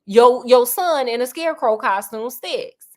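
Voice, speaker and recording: A woman voicing Jody, a suspicious teenage girl, in a loud, accusing way. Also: fairly high pitch, lively intonation, unhurried.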